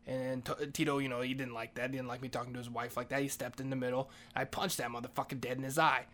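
Male comic host as janitor, rambling, cursing, bright tone. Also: mid-range voice, fast talker, hardly any pauses. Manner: rambling, profane, deadpan. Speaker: comedy podcast host playing a janitor. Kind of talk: comedic monologue.

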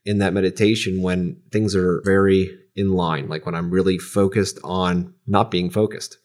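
A man hosting a podcast, talking calmly and reflectively, rambling a little as he explains his meditation. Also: deep voice, moderate pace. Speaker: podcast host. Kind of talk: casual podcast chat.

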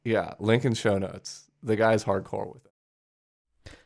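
Young man, podcast co-host, casual chat, low-ish pitch, filler-heavy. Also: fairly even intonation, slow, gravelly, a little mellow. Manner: rambling, filler-heavy, laughs often.

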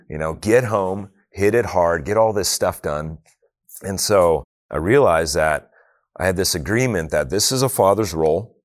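Very deep-voiced man telling faith stories. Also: no echo, clean studio sound. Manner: humorous, earnest, acts out family dialogue. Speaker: speaker at a faith talk. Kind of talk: prayer and personal storytelling.

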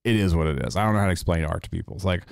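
Male tattoo-shop owner, host of the show, casual and profane storyteller; fairly low voice, dry room. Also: racing, gravelly, dry recording. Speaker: podcast host. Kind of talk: casual monologue.

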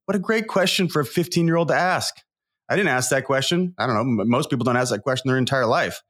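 An expressive, quick-paced man with a medium-pitched, slightly bright voice tells personal stories as a guest coach on an interview show. In his forties and from Southern California, he's earnest, emotional and rambling, giving candid interview storytelling.

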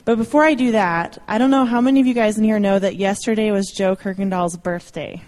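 A woman's voice: mid-range voice, a little fast, a little mellow. Chatty young woman giving a church talk. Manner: chatty, self-deprecating, with light laughs. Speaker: church speaker. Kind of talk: informal church talk to an audience. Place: church meeting room.

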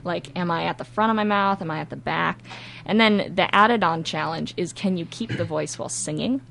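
Minnesotan teen girl, high school actor, gravelly fry in her voice, chatty and giggly. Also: fairly bright tone, slight background noise. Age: teens. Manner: chatty, giggly, quick to laugh. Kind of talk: casual interview talk.

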